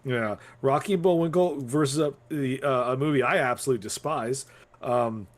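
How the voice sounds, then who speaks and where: A man's voice: mid-range voice, normal speed. A man in his thirties hosting a casual podcast chat, blunt, swearing and laughing often. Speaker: podcast host.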